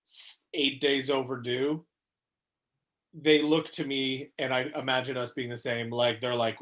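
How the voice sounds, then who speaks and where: Partner with a very deep voice, dry and teasing, chiming in casually. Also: female voice, fairly even intonation, unhurried, fairly bright tone. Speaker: partner of expectant mother. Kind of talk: casual conversation.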